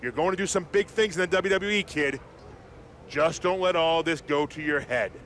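A man plays a seasoned male wrestler mentor in a video game cutscene, his voice pitched a touch high. He hands out fatherly encouragement to a rookie in steady, friendly tones. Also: moderate pace, close to an everyday voice. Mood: encouraging.

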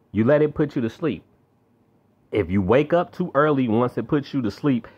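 A young man, venting angrily and profanely in a rant to camera. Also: mid-range voice. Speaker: vlogger. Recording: slightly dull lo-fi audio.

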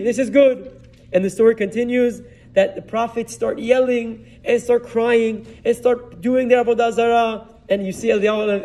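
High-voiced rabbi telling a story. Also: male voice, mellow, recorded from a distance. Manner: storyteller mixing in Hebrew terms and verses. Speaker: rabbi giving a Torah talk. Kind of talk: retelling a Bible story in a sermon.

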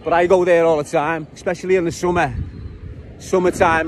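Man, Liverpool accent, high voice, casual city-tour vlog, swears a lot, loud outdoor street noise. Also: steady tone, fairly quick. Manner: chatty, swears freely, talks straight to the viewers. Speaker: vlogger giving a city tour.

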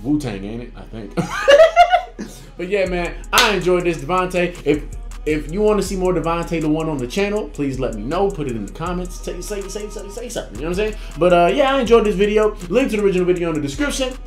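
A young man hosting a reaction video, his voice set high and swinging widely as he talks. He keeps it casual, with low laid-back asides. The room is echoey and music plays faintly underneath. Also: sing-song, fast. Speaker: reaction channel host.

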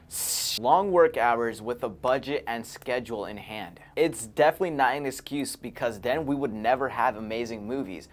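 Animated young-sounding man reviewing a movie. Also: on the low side. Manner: animated, chuckling between remarks, conversational. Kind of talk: casual movie review commentary.

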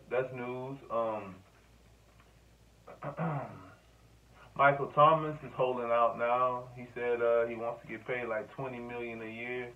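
A man rambles through a profane sports rant, speaking straight to the camera. His voice sits at an ordinary pitch. The sound is thin and phone-like, and he is set back from the mic. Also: recorded from a distance. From Louisiana. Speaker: sports vlogger.

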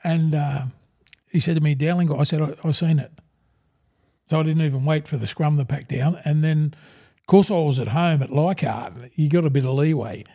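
Gravelly Australian older man. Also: a little high, a little fast, mellow. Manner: rambling and blokey, peppers talk with "mate". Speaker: guest, former rugby league forward. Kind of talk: casual storytelling in a podcast interview.

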